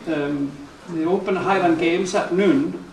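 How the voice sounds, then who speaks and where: A man's voice: on the high side, slow, vocal fry, heavy background noise. Chuckling male storyteller on a distant stage. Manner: rambling, chuckling, with self-corrections. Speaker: folk musician telling a story on stage. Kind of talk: live anecdotal storytelling. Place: live concert venue. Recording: echoey, from a distant mic.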